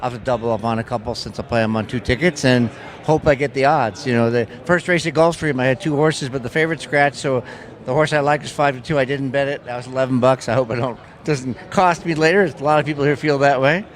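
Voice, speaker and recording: A man being interviewed as a betting-contest player, talking in a halting way with frequent restarts. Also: medium pitch. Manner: halting, stumbles over words. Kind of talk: casual interview.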